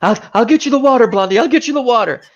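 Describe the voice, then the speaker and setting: A man's voice: very high voice, lively intonation, rapid-fire, lo-fi sound, voice pushed up. A man putting on a wheedling greedy bandit.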